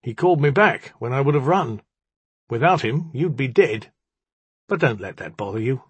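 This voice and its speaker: A man reading an audiobook, voicing a defiant, sharp-tongued young woman with scornful, clipped retorts. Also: medium pitch, lively intonation, moderate pace, breathy edge, no room sound, voice pushed up.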